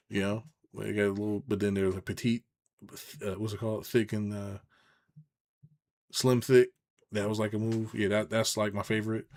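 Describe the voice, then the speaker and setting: Man, lowish voice, live-stream chat, rambling, swears a lot, keeps restarting sentences. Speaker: business coach hosting a live stream. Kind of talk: casual live-stream chat, reading viewer comments.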